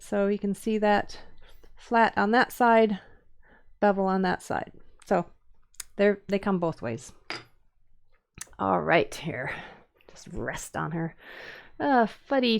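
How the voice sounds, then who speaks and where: A woman's voice: mid-range voice, gravelly. A middle-aged woman from the Upper Midwest with a Minnesota accent, chatting loosely on a live stream as a woodcarving teacher, rambling with fillers and restarts. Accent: Upper Midwest American. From Minnesota and Wisconsin. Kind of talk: casual live-stream chat while demonstrating carving.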